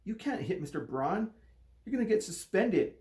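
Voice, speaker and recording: A man's voice: sits high, very animated, normal speed, a little mellow, roomy sound, voice pushed up. A man voicing a puzzled teenage boy who calls out across a gym.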